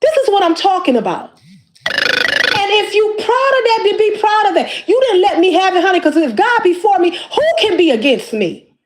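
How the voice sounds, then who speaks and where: High-pitched woman, impassioned and preachy. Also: sing-song, normal speed, noisy background. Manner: preachy and emphatic, repeats phrases. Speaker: YouTube creator. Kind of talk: impassioned direct-to-camera monologue.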